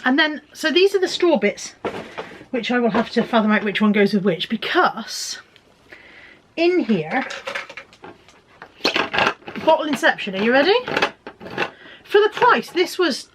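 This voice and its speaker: A woman's voice: a little high, very animated, unhurried, long pauses, noisy background. A middle-aged woman chatting casually and joking at her own expense while unboxing parcels. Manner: chatty, self-mocking, fiddling with packages as she talks. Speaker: vlogger.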